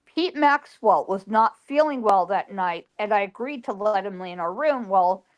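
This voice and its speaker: A woman's voice: medium pitch, lively intonation, moderate pace, dull audio. A woman psychic, telling an emotional past-life story and quoting the people in it. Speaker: psychic guest.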